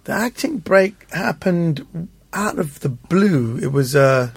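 A man, a comedian guest, telling anecdotes in an animated way in casual chat and acting out the voices he quotes. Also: a little high, slow, vocal fry, slightly rough, no room sound.

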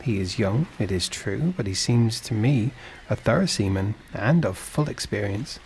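A man's voice: on the low side, expressive, normal speed, gravelly, darkish tone, slight background noise, poor audio. A man reading a storybook and voicing a kindly, fatherly shipowner who asks questions. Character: male shipowner, warm and fatherly employer.

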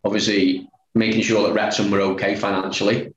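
A man's voice: lowish voice, little pitch movement, brisk. A man, a former footballer telling a story as a guest, retelling conversations line by line. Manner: chatty, retells dialogue with "he said, I said". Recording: roomy echo, faint noise.

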